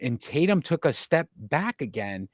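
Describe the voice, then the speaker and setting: A man's voice: a little high, big pitch swings, normal speed, no echo. A man hosting a sports talk show, asking long winding questions full of statistics. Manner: asks long, winding questions packed with stats.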